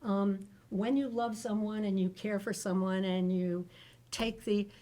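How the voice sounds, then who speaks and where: A woman's voice: medium pitch, steady tone, measured pace, warm tone. A middle-aged woman from the United States, speaking as a panelist and candidly sharing her caregiving experience with jokes along the way. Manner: candid, joking storyteller. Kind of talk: personal story at a public panel.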